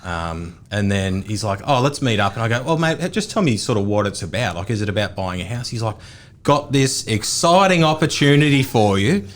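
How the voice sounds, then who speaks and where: A man's voice: on the low side, animated, brisk, few pauses. Man, podcast co-host, casual chat, sweary storyteller. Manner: swearing storyteller, mimics other people in quotes. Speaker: podcast co-host, real estate agent.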